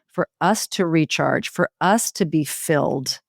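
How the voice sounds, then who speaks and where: A middle-aged woman telling stories in an interview, expressive and building long rhythmic lists. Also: deep voice, measured pace, vocal fry, no room sound, clean studio sound. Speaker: podcast guest, circle facilitator. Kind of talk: conversational interview.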